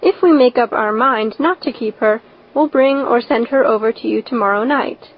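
A woman voicing a stern, practical older woman who speaks in a brisk, scolding way. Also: fairly high pitch, a little hiss or hum, lightly acted. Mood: measured. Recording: dull lo-fi recording.

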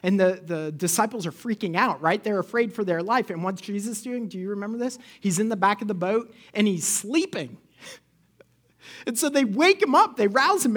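High-voiced man preaching a lively sermon. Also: moderate pace. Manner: animated, acts out quotes, asks the congregation questions. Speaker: pastor.

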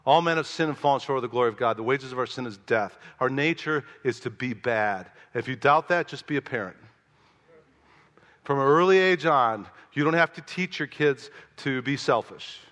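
A male pastor from Chicago preaching a sermon, telling stories in an animated way and acting out his own thoughts with rising emphasis. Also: medium pitch, moderate pace, long reverb tail.

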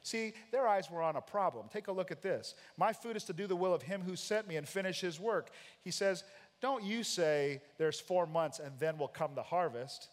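Man, American accent, pastor, high voice, emphatic sermon, long church reverb. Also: normal speed. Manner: emphatic preacher, acts out quoted lines. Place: church sanctuary.

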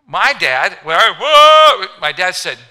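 A man preaching a sermon, animated, acting out little voices and scenes for the congregation. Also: high-pitched, takes it slowly. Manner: animated, acts out voices of passengers and kids. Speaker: pastor.

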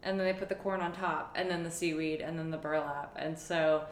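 Low-voiced woman chiming in, echoey room. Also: fairly quick. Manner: chiming in, explains in calm steady phrases. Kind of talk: casual chat.

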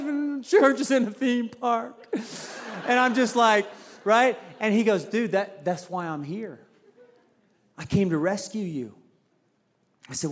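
High-voiced male pastor telling a story. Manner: conversational, acts out quotes with shifts in voice. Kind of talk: sermon with personal story.

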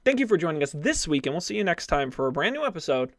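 Chatty upbeat podcast host, dry close sound. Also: male voice, on the high side, sing-song, fast talker, no room sound. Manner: upbeat, chatty, many fillers and restarts. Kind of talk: casual podcast chat.

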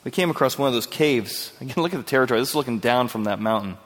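A man's voice: medium pitch, lively intonation, rapid-fire, in a large hall. A male pastor preaching a verse-by-verse sermon in an earnest, conversational way, asking his listeners questions.

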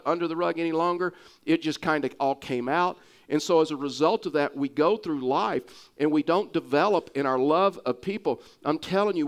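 A man preaching with a Texas accent, his voice sitting somewhat high for a man. He talks earnestly and keeps circling back, repeating and restarting phrases to drive a point home. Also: clean tone. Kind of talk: sermon.

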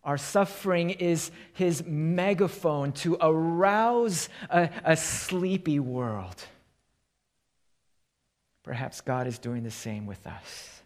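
A man preaching a sermon as pastor, telling illustrative stories and dropping into quiet emphasis on key points. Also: a little high, lively intonation, takes it slowly.

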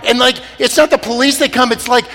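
A man telling comic stories on stage, animated and laughing often. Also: very high-pitched, brisk. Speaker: speaker. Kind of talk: comic storytelling talk. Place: stage in a large hall. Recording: long hall reverb.

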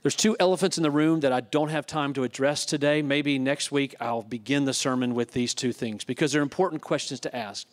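A man's voice: medium pitch, a little fast, few pauses. A male pastor preaching a sermon, reading scripture and retelling it with casual asides.

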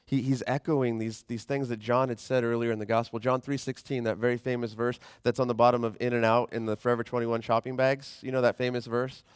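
Conversational pastor preaching, dry sound. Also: male voice, mid-range voice, clear, resonant tone, no echo. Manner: conversational, animated, slows down to read scripture. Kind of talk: sermon.

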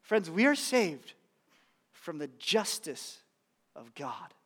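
A man preaches a sermon as pastor, his voice set noticeably high for a man. He moves between emphatic, driving points and loose, conversational asides. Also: very animated, slow pace, a bit bright, breathy edge.

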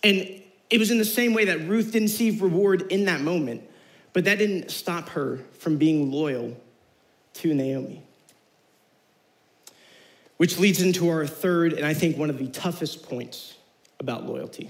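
A young man preaching to youth in an easygoing, slangy way. His voice sits high, and he acts out the people in the story as he tells it. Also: unhurried, pauses often, low-quality recording. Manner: casual slangy, animated retellings with quoted voices. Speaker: youth pastor. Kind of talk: youth sermon.

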